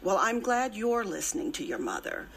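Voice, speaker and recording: A woman's voice: medium pitch, very animated, normal speed, a bit bright, husky, full character voice. An actress playing a repetitive, self-pitying middle-aged mother in a film.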